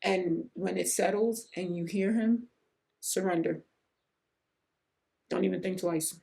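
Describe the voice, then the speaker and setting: A woman's voice: on the low side, slow pace, creaky, warm tone. A middle-aged woman hosting a faith podcast, speaking earnestly and emotionally about surrender, often repeating herself for emphasis. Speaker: podcast host. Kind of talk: faith-based personal reflection.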